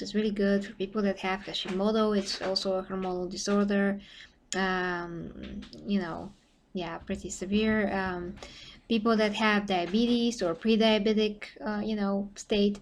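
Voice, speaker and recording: A young woman from Bulgaria with a Bulgarian accent, chatting casually with viewers on a live stream, rambling and full of "you know" fillers, her voice getting tired from long talking. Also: medium pitch.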